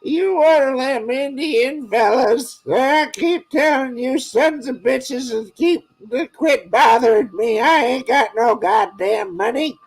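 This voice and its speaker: A man putting on the voice of a cranky little old lady who is angry at phone scammers, high, quavering and cursing. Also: slow pace, hardly any pauses, husky, exaggerated voice, low-quality recording.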